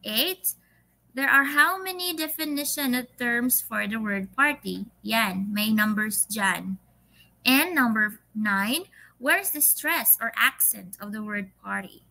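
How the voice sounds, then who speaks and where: A woman's voice: fairly high pitch, animated, slow, vocal fry, bright, forceful tone, low-quality recording. A Filipino woman teacher leading an online English lesson, reading quiz questions patiently and drawing her words out, with Tagalog fillers. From Philippines.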